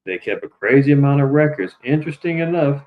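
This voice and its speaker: A man's voice: animated, fast, phone-quality sound. A man hosting a livestream, talking loosely to his viewers and often turning to address them directly. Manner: loose and conversational, addresses viewers directly, mimics people in higher voices. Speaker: livestream host. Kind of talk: casual livestream commentary.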